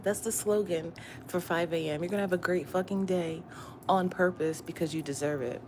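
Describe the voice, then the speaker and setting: A woman tarot reader talks straight to her viewers in a loose, slangy morning chat. She swears freely and repeats her points for emphasis. Her voice sits low, with faint background noise. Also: normal speed, a little mellow. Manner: repetitive and emphatic, often asking "you get what I'm saying?". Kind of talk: casual morning pep talk.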